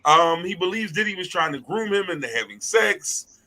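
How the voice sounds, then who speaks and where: A man's voice: high voice, lively intonation, moderate pace, pushed and bright, rough recording. A man hosting a podcast in casual, joking chat who laughs often and swears freely. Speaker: podcast host.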